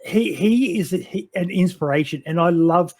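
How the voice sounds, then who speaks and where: A man's voice: high voice, normal speed, a little mellow. A middle-aged man in casual podcast chat, rambling and swearing freely as he tells fond stories about a friend.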